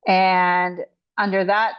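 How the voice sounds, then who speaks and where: A woman coach answers interview questions with emphatic indignation, restarting phrases as she presses her points. Her pitch sits in the middle range. The recording is slightly muffled. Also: little pitch movement, takes it slowly, smooth. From Canada. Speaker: coach and author. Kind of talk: podcast interview guest.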